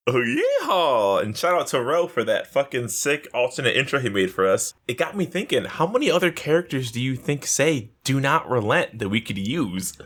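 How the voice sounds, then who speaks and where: A man co-hosting a casual gaming podcast, excitable and quick to swear. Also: medium pitch. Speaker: podcast co-host.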